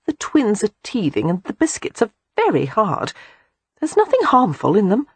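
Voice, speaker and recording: A woman voicing a calm, gently amused young aristocratic mother in an audiobook. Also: medium pitch, normal speed, slightly rough, no echo, voice pushed up, heavily acted.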